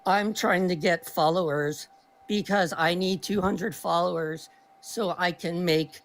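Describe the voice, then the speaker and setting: Brief: adult woman caller, gravelly, losing her voice, argumentative, interrupts constantly. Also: fairly low pitch, steady tone, unhurried. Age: older than 30. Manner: argumentative, talks over the host. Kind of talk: heated political argument.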